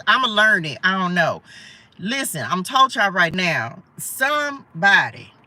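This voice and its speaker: A woman reads tarot live in a very bright, sharp voice. She chats playfully with her viewers and laughs easily. She sits a little distant from the mic. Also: medium pitch. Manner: chatty and playful, talks to viewers as y'all; laughs often, asides to spirits. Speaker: spiritual tarot reader. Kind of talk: live tarot card reading. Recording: voice a bit far from the mic.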